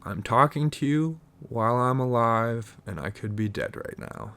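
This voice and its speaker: A man's voice: medium pitch, expressive, normal speed, hardly any pauses, fairly bright tone. A man hosting a podcast, musing in a profane, stream-of-consciousness comedic monologue full of restarts and stumbles. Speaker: podcast host.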